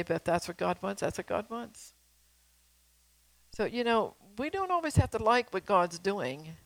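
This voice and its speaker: A woman's voice: mid-range voice, dry recording, low-quality recording. An older woman preaching in a folksy, emphatic way, repeating phrases and asking her listeners questions. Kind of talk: sermon with prophecy.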